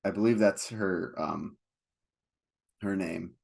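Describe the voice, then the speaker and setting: A man's voice: low voice, takes it slowly, vocal fry, slightly rough. Chatty man co-hosting a film podcast. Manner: rambling, animated when retelling scenes. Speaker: podcast co-host. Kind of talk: casual film discussion.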